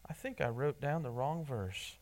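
A man preaching a sermon in church, earnest, often restarting his words and swinging between loud emphasis and soft asides. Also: mid-range voice, expressive, normal speed. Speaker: pastor.

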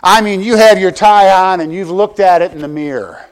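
An older male pastor delivers his sermon in a chatty, humorous way, peppering it with questions to the congregation. His voice sits slightly higher than most men's. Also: moderate pace. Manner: conversational preaching with humor and rhetorical questions.

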